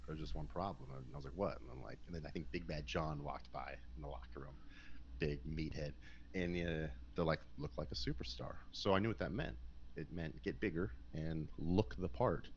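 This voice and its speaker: A man's voice: a bass voice, brisk, muffled recording, slight background noise. A man in casual conversation on a podcast, telling stories from his career and acting out the voices of people he quotes. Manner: animated, acts out quoted voices. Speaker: guest wrestler. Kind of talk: casual storytelling.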